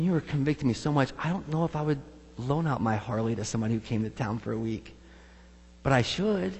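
A man's voice: mid-range voice, darkish tone, breathy edge, in a large hall. A male pastor preaching a sermon, telling stories and acting out the voices of people he quotes with emphasis.

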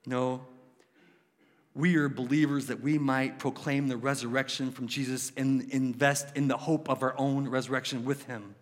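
A man preaching a sermon with passion, swinging between loud exclamations and hushed questions. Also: medium pitch, fairly even intonation, normal speed, long reverb tail. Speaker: pastor.

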